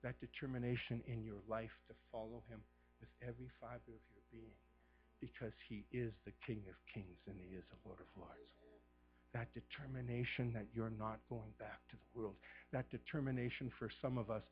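A middle-aged man preaching a sermon as pastor, fervent, swinging from a hushed voice to shouting. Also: medium pitch, steady tone, moderate pace, dull audio, slight background noise.

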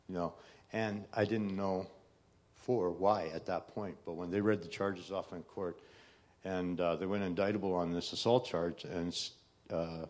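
A man's voice: deep voice, a little mellow. A middle-aged man giving a personal faith testimony in a conversational way, often adding "right?" and "you know". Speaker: testimony speaker.

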